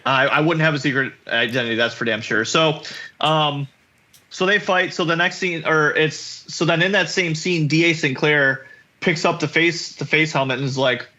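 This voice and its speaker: A man co-hosting a podcast, recapping an episode in casual chat, animated and swearing, acting out characters' lines. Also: fairly high pitch, normal speed, highs cut off. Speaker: podcast co-host.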